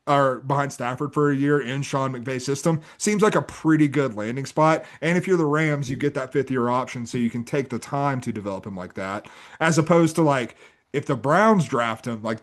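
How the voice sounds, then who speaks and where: A man talking college football on a podcast, loose and conversational. His voice sits in an ordinary middle pitch. He runs fast through his points and laughs readily. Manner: quick, animated, laughs often, says "like" a lot. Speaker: podcast co-host. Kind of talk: casual sports chat.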